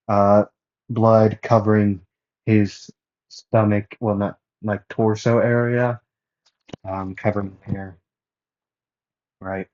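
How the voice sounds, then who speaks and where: A man with a lowish voice narrates a fan-made story at an unhurried, drawn-out pace. He rambles, fills pauses with fillers and keeps correcting himself. The recording sounds dull and lo-fi. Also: darkish tone. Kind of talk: casual fan-fiction narration.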